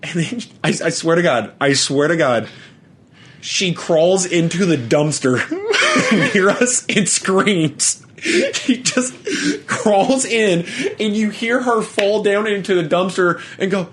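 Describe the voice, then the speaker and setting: A young man with a high-sitting, breathy voice and lively intonation talks slowly as a podcast co-host. His casual stories wander, and he laughs frequently while stumbling over his words and restarting.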